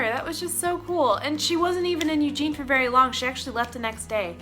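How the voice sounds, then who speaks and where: A young woman from Oklahoma telling an excited, rambling story about meeting someone, laughing often. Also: sits high, brisk, few pauses, soft background music. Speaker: vlogger. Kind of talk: casual storytime vlog.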